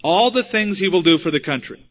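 Male preacher, fairly high voice, dramatic storytelling sermon, dull lo-fi recording. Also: animated, brisk, fairly bright tone. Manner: dramatic, acts out quotes with shifting pitch and volume.

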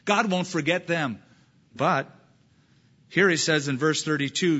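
A man's voice: fairly high pitch, measured pace, long pauses, fairly bright tone, breathy edge, muffled recording. A man pastor preaching a sermon, reading scripture aloud with emphatic delivery.

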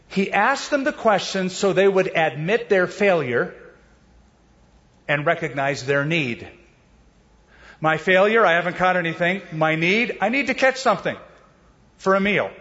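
Man, pastor, sermon, animated preaching, casual slang, acts out quoted voices, slightly high voice, dull lo-fi recording. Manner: animated preaching, acting out quoted voices with big pitch jumps; casual slang mixed with scripture.

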